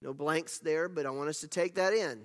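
A man's voice: a little high, moderate pace, a bit bright, big-room sound. A middle-aged man, a pastor preaching an earnest sermon in church, with playful self-deprecating asides.

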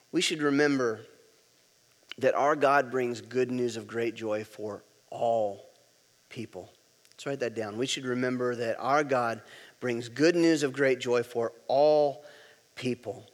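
A man's voice: high-pitched, fairly bright tone, long reverb tail. A pastor preaching a sermon, emphatic and repeating key words, leading his congregation to say lines back.

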